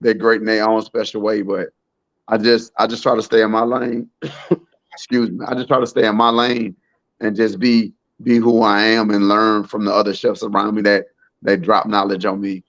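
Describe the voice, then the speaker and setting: A man's voice: lowish voice, normal speed, creaky, dry recording, highs cut off. A man from Alabama, a private chef telling stories in a laid-back, casual way. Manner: laid-back, relaxed storyteller. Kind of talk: casual storytelling chat.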